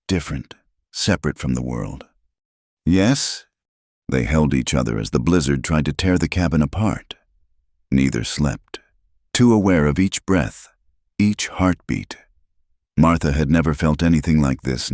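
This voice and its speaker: A man narrating a scripted story in a slow, measured, hushed way. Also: extremely low pitch, no room sound, clean studio sound.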